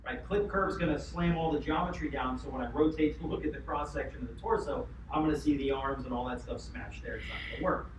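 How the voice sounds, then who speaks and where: A man teaching a class in an energetic, chatty way, his voice a touch higher than most men's. He is picked up from across an echoey classroom. Steady noise hums under the recording. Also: quick pace, few pauses, distant mic. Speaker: instructor. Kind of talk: classroom lecture. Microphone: distant room mic.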